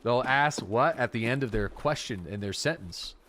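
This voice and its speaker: Animated man streaming. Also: medium pitch, noisy background. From Atlantic Canada. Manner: animated, swearing, quick to laugh. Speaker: game streamer. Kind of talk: casual livestream chat while gaming.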